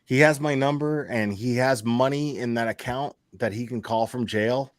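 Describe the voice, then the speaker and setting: A man in the middle of a casual talk, heated and profane, circling back over the same phrases as he vents. His voice sits at an ordinary pitch and sounds close and dry, with no room around it. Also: normal speed, no room sound. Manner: heated, profane, repeats himself. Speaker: YouTube channel host. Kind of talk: casual venting chat.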